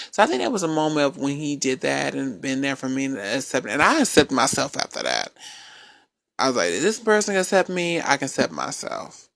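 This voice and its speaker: A man with a high-pitched voice telling a personal story in a casual chat, acting out the quoted lines. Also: gravelly, no echo. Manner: animated storytelling, acts out quotes. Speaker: podcast co-host.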